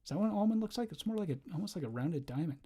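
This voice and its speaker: A young man chatting casually on a livestream while drawing, rambling and easily distracted, breaking into quick laughs. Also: on the high side, lively intonation, dark tone, slightly rough. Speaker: livestreamer and animator.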